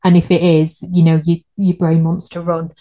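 A woman's voice: on the low side, completely flat delivery, moderate pace, dark tone. A woman, co-hosting a podcast in casual chat and laughing at her own slips. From United Kingdom. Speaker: podcast co-host.

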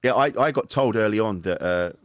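A man's voice: fairly low pitch, a little fast, smooth, dry recording, studio quality. A man hosting a comedy podcast, talking bluntly and casually, swearing and laughing often. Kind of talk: casual interview chat. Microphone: remote call.

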